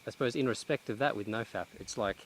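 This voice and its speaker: A man vlogging outdoors in a cleared pine forest, talking in a reflective, halting way with many restarts, a little out of breath. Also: lowish voice, slight background noise. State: slightly out of breath. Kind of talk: casual vlog monologue. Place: outdoors in a cut-down pine plantation.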